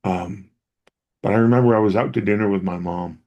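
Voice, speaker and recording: A man's voice: fairly low pitch, fairly quick, a little mellow, dull audio. A middle-aged man, an interview guest who helps dementia caregivers, earnestly telling stories about his family. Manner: earnest and reflective, recounting family memories. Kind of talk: conversational personal storytelling.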